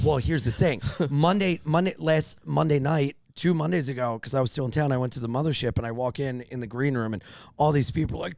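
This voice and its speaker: Male podcast host, animated storyteller, fairly high and gravelly. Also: quick pace, no echo. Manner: animated storyteller acting out quoted voices. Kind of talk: casual storytelling chat. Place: podcast studio.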